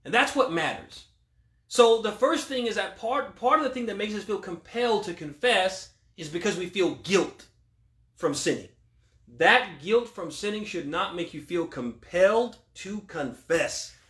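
Imam guy doing q&a, lively up-and-down voice, fires off arabic quotes, roomy echo. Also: high voice. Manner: asks rhetorical questions and answers them; quotes Arabic scripture quickly. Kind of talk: religious Q&A talk. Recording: echoey room.

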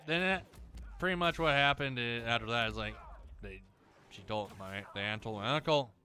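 A man ranting angrily and profanely over gameplay, mocking people in shrill voices. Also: moderate pace, pushed and bright, soft background music. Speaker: let's play host. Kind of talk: angry rant over gameplay.

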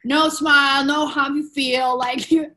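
A woman, a podcast guest frankly telling a personal story in animated, loose English. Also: high voice, measured pace, low-quality recording. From Ukraine. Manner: animated, frank, swears casually, non-native grammar.

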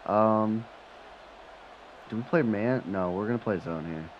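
Low-voiced man yelling over his football game. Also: a little slow, highs cut off, slight background noise. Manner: swings from low mutter to excited yelling, swears when frustrated. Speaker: gaming channel host. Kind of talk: live gameplay commentary.

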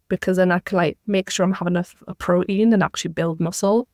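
A woman's voice: medium pitch, fairly even intonation, fast, few pauses, no echo, clean studio sound. A young woman, a podcast guest, chatting casually and acting out what people said to her. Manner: chatty storyteller, acts out quoted exchanges.

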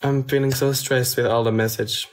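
A man's voice: mid-range voice, little pitch movement, moderate pace. A young man with a Belgian French accent, reading viewer comments aloud on a phone live stream and answering them casually in English and French.

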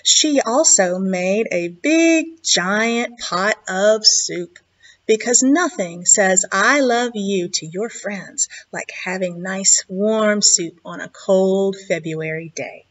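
A woman, a children's librarian, reading a story aloud at a virtual storytime in an expressive, slow, sing-song way. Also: mid-range voice. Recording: dull lo-fi online video recording.

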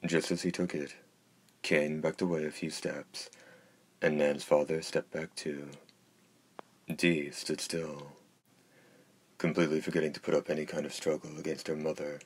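A man narrating a dark fantasy audiobook with a steady, measured delivery. His voice is extremely deep and husky, and his intonation stays flat. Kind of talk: scripted narration.

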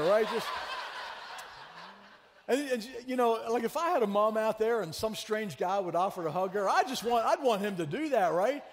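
Pastor guy preaching, high voice, chatty storyteller, big church reverb. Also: normal speed. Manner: conversational, animated storyteller who teases the congregation. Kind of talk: sermon with storytelling. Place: church sanctuary.

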